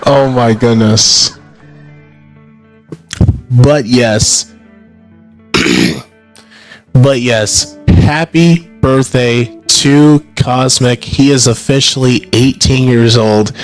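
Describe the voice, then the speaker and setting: A man hosting a casual livestream announcement, rambling and apologetic between drawn-out hype shouts of names. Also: medium pitch, soft background music, poor audio. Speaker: streamer hosting an announcement stream.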